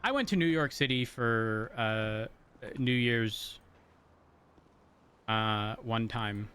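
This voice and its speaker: Slow-paced and mid-range, with a slightly bright, clean tone, this man talks casually to viewers as he plays a game on stream. He rambles through explanations, cutting himself off and restarting often. He came from the countryside before moving to a city.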